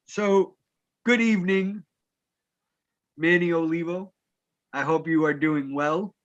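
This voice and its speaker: A man's voice: on the high side, slow, lo-fi sound. A man hosting a live sports talk show, bantering with his co-host in a playful, mock-formal way.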